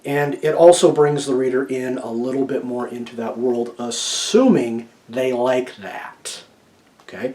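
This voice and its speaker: A man giving casual, opinionated writing advice to camera, keeps checking in with "okay?", swinging between loud emphasis and quiet asides. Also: mid-range voice, steady tone, a little slow.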